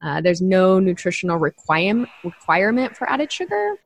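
A nutrition coach co-hosting a podcast chats casually, explaining nutrition to clients with plenty of filler words. Her voice is lowish with vocal fry and big swings in pitch, delivered at normal speed.

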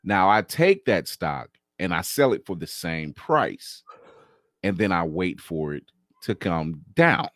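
A man's voice: deep voice, big pitch swings, takes it slowly, a bit bright, no echo, studio quality. A man co-hosting a podcast in casual chat, explaining things at length and laughing often. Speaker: podcast co-host.

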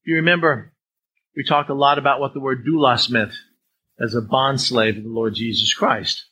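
A man's voice: mid-range voice, fairly even intonation, moderate pace, sharp tone, a little hiss or hum, rough recording. A man preaching a conversational sermon as a pastor, reading verses and acting out everyday speakers. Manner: conversational, acts out swearing speakers in a raised voice.

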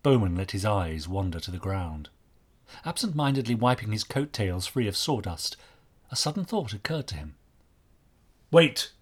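Casting: male narrator, low husky voice, expressive audiobook reading. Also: moderate pace. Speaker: author and podcast host.

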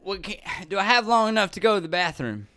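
A man voicing a very drunk young male passenger in a put-on Southern drawl, slurring loud, whiny questions. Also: high-pitched, sing-song, fast, pitched above the performer's own voice, heavily acted. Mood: drunk, confused. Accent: American Southern (put on).

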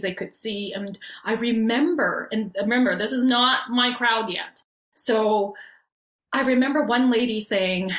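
A bubbly woman in her forties from Canada tells her story as a podcast guest, laughing often as she talks. Her voice sits a little high. The recording has a noticeable roomy echo. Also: a bit bright. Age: 40s. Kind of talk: storytelling in conversation.

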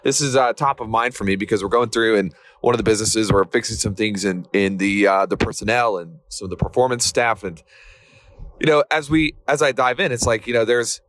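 A man's voice: lowish voice, a little fast, fairly bright tone, dry recording. A man hosting a motivational podcast, talking bluntly and with fired-up energy. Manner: blunt, fired-up, swears lightly. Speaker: podcast host.

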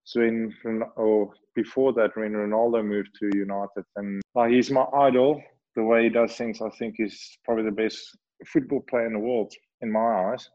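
A man's voice: on the low side, flat delivery, normal speed, mellow, lo-fi sound. A man from South Africa, a guest talking casually and laughing easily in an interview from home. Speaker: guest cricketer. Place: home, remote call.

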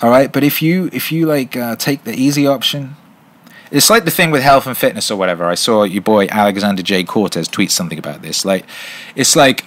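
A middle-aged man with a medium-pitched, fairly bright voice hosts a solo livestream show, talking animatedly and fairly quickly as he answers viewer questions, blunt and profane, rambling and repeating himself for emphasis.

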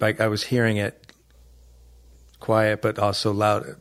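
A man's voice: on the low side, completely flat delivery, unhurried. A man co-hosting, telling a personal story in a plain, matter-of-fact way. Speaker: co-host. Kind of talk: casual storytelling.

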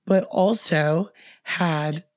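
A woman co-hosting a podcast in casual chat, her voice hoarse from a cold, rambling with fillers and restarts. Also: on the low side, very slow, dry recording, clean studio sound. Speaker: podcast co-host.

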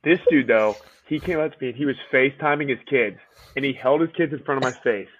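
A man casually telling profane, animated stories about training with old classmates. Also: mid-range voice, fast talker, dull audio, noisy background. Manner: animated, profane storyteller acting out quotes. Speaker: podcast guest, former officer candidate. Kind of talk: casual storytelling chat.

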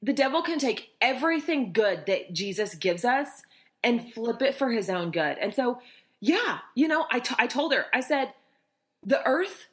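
A woman's voice: a little high, sing-song, normal speed. A woman co-hosting a podcast in casual faith-based chat, earnest and emphatic, repeating her points. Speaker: podcast co-host.

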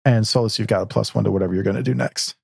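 A man playing a tabletop game, easygoing and quick to chuckle. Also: fairly low pitch, fairly even intonation, gravelly, darkish tone, slightly rough, dry recording, clean studio sound. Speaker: player. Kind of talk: casual tabletop game play.

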